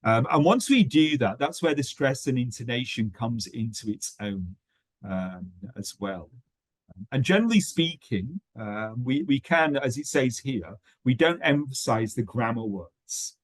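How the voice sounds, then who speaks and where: A man leads a teacher-training webinar, explaining points with many ums and restarted phrases. His voice sits at a middle pitch, and the recording is dry and close with no room sound. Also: animated, unhurried, dry recording.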